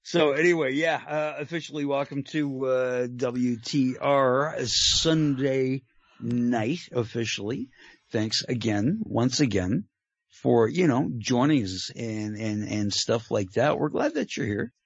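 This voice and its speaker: A man's voice: medium pitch, takes it slowly, no room sound, dull audio. A man co-hosting a casual online talk radio show, loose and joking with lots of fillers. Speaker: co-host. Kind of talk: casual podcast chat.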